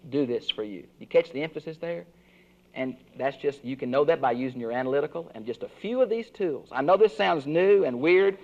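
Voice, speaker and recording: An older man giving an earnest Bible lesson, stressing his points. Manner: earnest teaching, swinging pitch for emphasis. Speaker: Bible teacher. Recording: dull lo-fi recording.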